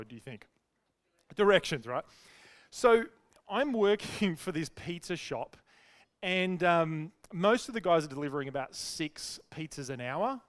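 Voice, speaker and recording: A man, a business coach telling a chatty, self-deprecating story full of fillers. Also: a little high. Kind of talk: storytelling talk.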